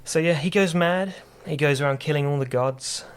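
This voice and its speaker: A man's voice: fairly high pitch, normal speed, clean tone. A man on a podcast casually retelling a story, rambling with lots of fillers and restarts. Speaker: podcast co-host.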